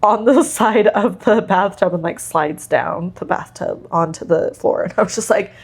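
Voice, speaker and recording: A woman's voice: mid-range voice, normal speed, vocal fry, slightly rough. A mother co-hosting a podcast, telling stories in casual chat with lots of laughter. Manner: animated storyteller who laughs often.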